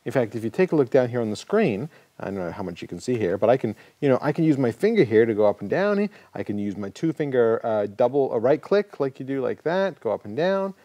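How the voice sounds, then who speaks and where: A man's voice: mid-range voice, sing-song, fast talker, few pauses, dark tone, no echo. A man co-hosting a casual technology show, joking and rambling as he demonstrates a gadget and corrects himself along the way. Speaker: co-host. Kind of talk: casual tech show banter.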